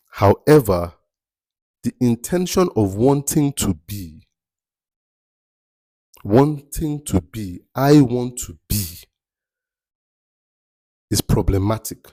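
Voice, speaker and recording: A man's voice: fairly low pitch, lively intonation, slow pace, pauses often, warm tone, no room sound. A man giving a motivational talk as a mentor, emphatic and rhetorical, repeating his key phrases. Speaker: mentor giving life advice.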